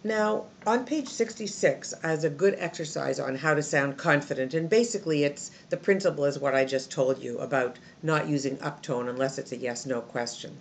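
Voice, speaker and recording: A woman teaching English intonation from a textbook, showing the pitch patterns with example sentences. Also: normal speed, vocal fry, hardly any pauses, slight background noise. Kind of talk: recorded textbook lesson. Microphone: phone camera.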